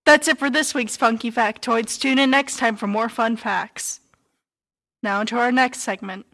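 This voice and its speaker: A woman's voice: fairly high pitch, fairly even intonation, normal speed, pushed and bright. A woman co-hosting a podcast, trading trivia in a matter-of-fact casual way. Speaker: podcast co-host.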